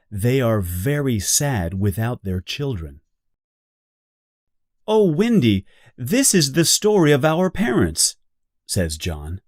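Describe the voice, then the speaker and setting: Slow, deliberate male storybook reader. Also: fairly low pitch, no room sound, clean studio sound. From Brazil. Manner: clear, deliberate, expressive. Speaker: audiobook reader. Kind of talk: slow graded reader for beginners.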